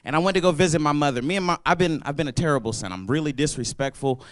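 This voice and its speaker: A man's voice: on the high side, very fast, slight background noise. A young man doing a loose, profane stand-up set at an open mic, riffing on the crowd. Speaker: stand-up comedian. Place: comedy club stage at an open mic.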